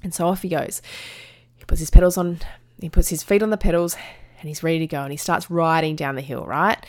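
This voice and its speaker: A woman in her thirties hosts a motivational podcast. She tells the story with energy and voices each person in it. Her voice sits fairly low and sounds close and dry on the mic. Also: brisk, no room sound. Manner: animated, acts out dialogue in voices. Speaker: podcast host.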